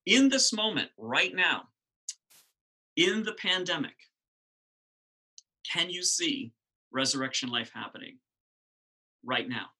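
A middle-aged man preaching in a lively, conversational way, throwing questions out to his listeners. His voice is husky and very bright, and it sits fairly high for a man. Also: slow pace, pauses often, low-quality recording. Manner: animated, conversational, asks the congregation questions. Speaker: pastor. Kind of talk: sermon.

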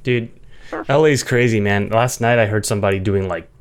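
A man's voice: fairly low pitch, moderate pace, clean tone. A man from Washington, D.C., hosting a podcast in casual chat, joking and laughing often as he talks. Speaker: podcast host.

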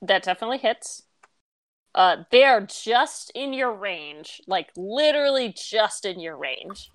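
A woman's voice: medium pitch, expressive, unhurried, no room sound. A woman narrating as game master of a tabletop game, casual and laughing often.

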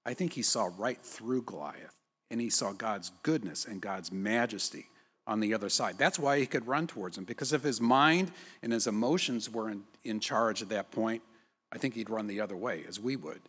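A man's voice: fairly low pitch, expressive, moderate pace, fairly bright tone, breathy edge, big-room sound. A man preaching a sermon in a conversational way, often checking in with tag questions. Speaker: pastor.

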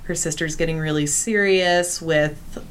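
A woman's voice: low voice, steady tone, a little slow, slight background noise. Woman analysing film characters casually. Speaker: podcast co-host. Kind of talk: casual chat.

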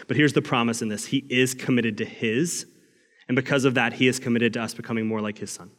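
A young man preaching a sermon as a pastor, telling a family story and sometimes shouting quoted cries. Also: mid-range voice, steady tone, fast. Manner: storytelling, rising to loud acted cries. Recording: long reverb of a large hall.

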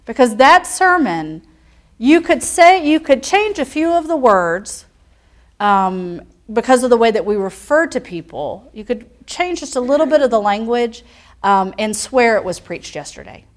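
A woman's voice: a little high, big pitch swings, a little slow. A woman pastor giving a conversational sermon, telling stories and acting out quotes. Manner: storytelling with asides and acted-out quotes.

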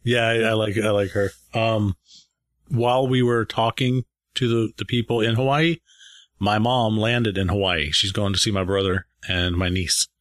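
A man's voice: fairly low pitch, fairly even intonation, moderate pace, no echo, clean studio sound. A man co-hosting a podcast in casual chat, laid-back and laughing often. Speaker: podcast co-host.

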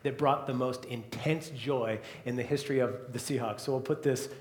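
A man preaching a sermon as pastor, moving between soft, hushed passages and loud, emphatic ones. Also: mid-range voice, fairly even intonation, normal speed, roomy sound, a little hiss or hum.

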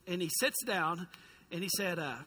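A man, a youth pastor telling a story in a sermon, lively and humorous, poking fun at himself. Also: sits high, moderate pace, slightly rough.

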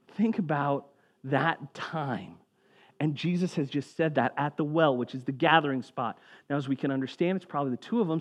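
A man preaching a sermon in a relaxed, conversational way, sinking low and quiet when he reads scripture aloud. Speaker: pastor.

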